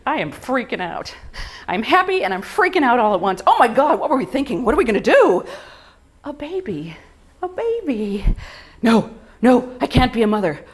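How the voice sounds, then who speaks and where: Animated woman in a comic monologue. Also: a little high, normal speed, breathy edge. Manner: animated, self-mocking, frequent laughs. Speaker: solo comedy performer. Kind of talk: comedic stage monologue.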